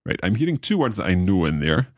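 A man's voice: deep voice, sing-song, quick pace, no echo, studio quality. A man co-hosting a language lesson, curious, repeating phrases back and asking questions. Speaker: learner co-host of a language lesson. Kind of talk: casual teaching dialogue.

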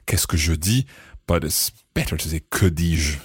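Male language tutor, deep husky voice, dry close mic, patient explainer. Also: animated, no room sound. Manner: explains slowly, repeats phrases, chuckles often. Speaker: co-host of a French learning podcast. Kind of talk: relaxed teaching chat.

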